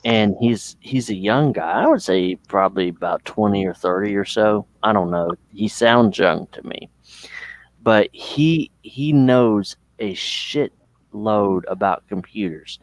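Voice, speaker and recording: A man's voice: fairly low pitch, measured pace, no echo. A man from the United States chatting casually and rambling, swearing freely. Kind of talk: casual chat.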